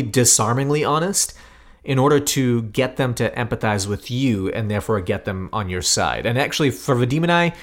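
A man in his thirties, a podcast co-host, telling a story in a lively, self-deprecating way. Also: mid-range voice. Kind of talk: casual storytelling chat.

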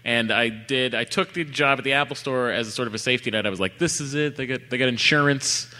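A man's voice: medium pitch, fast, bright, forceful tone. Joking man on a live stage. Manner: jokey, rambling, chatty. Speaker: podcast host answering audience questions. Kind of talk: live podcast Q&A, joking banter. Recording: reverberant live venue.

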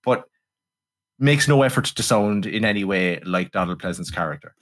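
A sweary, sarcastic man co-hosting a relaxed film review conversation. His voice sits fairly low, and he riffs at length with mocking asides. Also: moderate pace. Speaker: podcast co-host. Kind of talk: casual film review chat.

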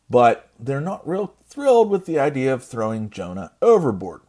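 A man retells a story as a dad would, casual and conversational with little jokey asides. His voice is lively, rising and falling a lot as he goes. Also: medium pitch, moderate pace, hardly any pauses. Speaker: dad reading a Bible story.

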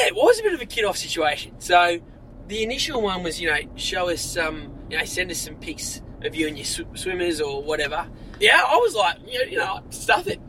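Bright, lively young Australian man. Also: high voice, slight background noise, rough recording. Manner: enthusiastic, laughs often, heavy slang. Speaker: passenger, student and model. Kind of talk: casual chat. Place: inside a car.

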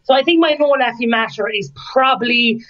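Woman, 30s, interview guest, lively storyteller, laughs often, slightly muffled lo-fi audio. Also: on the high side, a little fast. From Ireland. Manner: lively, laughs often, acts out quoted lines. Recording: dull lo-fi sound.

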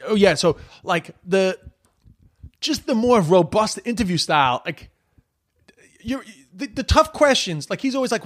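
Heated, profane man with a high voice. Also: expressive, moderate pace. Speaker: commentator. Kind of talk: political opinion rant.

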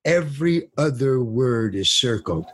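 A man's voice: medium pitch, a little slow, husky. An older man, a guest actor, telling a casual anecdote and acting out other people's lines, with some swearing and slang. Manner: animated storyteller, acts out other people's lines.

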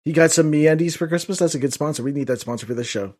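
A man with a somewhat high voice co-hosts a podcast, tossing out dry one-liners while watching a movie. His talk is relaxed and off the cuff. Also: fast talker. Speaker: podcast co-host. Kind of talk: casual movie riffing chat.

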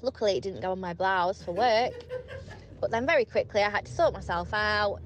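Frank woman in a recorded voice note. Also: medium pitch. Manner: relaxed, frank, measured. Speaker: listener sending a voice note. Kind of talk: casual recorded voice note, storytelling. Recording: voice note with faint background noise.

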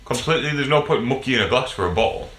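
A man's voice: mid-range voice, lively intonation, fast talker, fairly bright tone, reverberant. A man chatting casually as a podcast co-host, jokey and rambling, tripping over his words. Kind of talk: casual banter.

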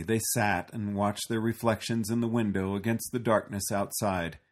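Male storybook reader, deep, husky voice. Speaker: narrator. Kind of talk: storybook reading.

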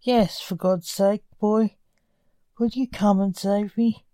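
A woman's voice: mid-range voice, fairly even intonation, slow pace, warm tone, dry recording, studio quality, lightly acted. A woman voicing a grim reaper, the soul of a dying man, who talks in an exasperated, scolding way. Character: grim reaper, a man's soul, impatient grumbler.

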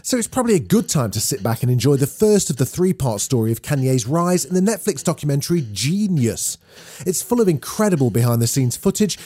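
A man hosting a daily news podcast, reading scripted stories in a brisk, clear newsreader delivery. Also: fairly high pitch, dark tone.

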